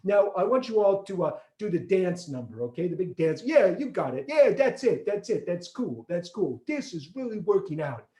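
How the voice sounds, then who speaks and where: A man putting on a gruff stage director persona with a Queens accent, giving casual directions to actors. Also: high-pitched, big pitch swings, normal speed, hardly any pauses, mellow, roomy sound, pitched above the performer's own voice. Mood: directing.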